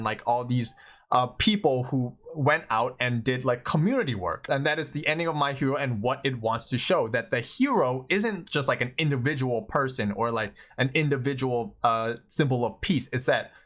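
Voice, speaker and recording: Young man, Thai native, mid pitch, casual exasperated vlogger rant. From Thailand. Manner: animated, exasperated ranting with frequent "like" and "bro". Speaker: anime commentary vlogger. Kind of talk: casual opinion vlog.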